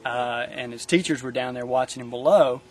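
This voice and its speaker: A man on the camp staff telling a personal story in an interview, in a halting way with many fillers and repeats. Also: medium pitch, very noisy.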